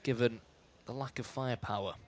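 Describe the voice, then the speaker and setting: A man casting a live esports match, lively and playful, building excitement in the big moments. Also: mid-range voice, brisk, a little hiss or hum. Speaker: esports commentator.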